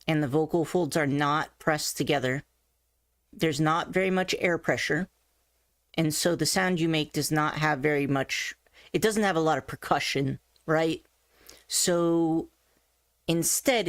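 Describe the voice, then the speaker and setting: Low, unhurried woman explaining voice basics. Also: no room sound, clean studio sound. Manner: chatty, thinks aloud with asides and self-corrections. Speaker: voice coach. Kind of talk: casual explanatory teaching. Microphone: desk mic on a face-tracked avatar setup.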